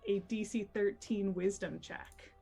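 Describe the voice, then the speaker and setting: A woman speaking slowly and deliberately as she narrates her character's turn in a tabletop game, pausing with "uh" and "um". Her pitch sits in the middle, and soft music plays underneath. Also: steady tone, vocal fry, breathy edge. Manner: unhurried, hesitant narration. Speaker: player.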